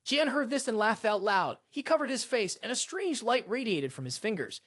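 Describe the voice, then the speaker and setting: High, lively male story narrator. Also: normal speed, few pauses, dry recording, studio quality. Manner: dramatic storytelling. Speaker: recap narrator.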